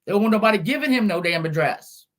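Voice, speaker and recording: A woman ranting angrily on a live stream from her car, scolding and swearing, with bursts of shouting. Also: medium pitch, animated, quick pace. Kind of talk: angry live-stream rant.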